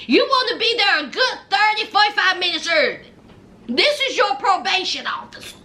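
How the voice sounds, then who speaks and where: A woman's voice: very high-pitched, very animated, normal speed, pushed and bright. A woman recapping a reality show in casual chat, talking sassily and directly to the people on screen and to viewers in slangy speech. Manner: slangy and chatty, addresses viewers as y'all.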